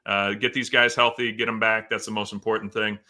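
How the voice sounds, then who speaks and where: Bright-toned man hosting a sports chat. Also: fairly low pitch, level tone, brisk. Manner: laughs often, teasing. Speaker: podcast host.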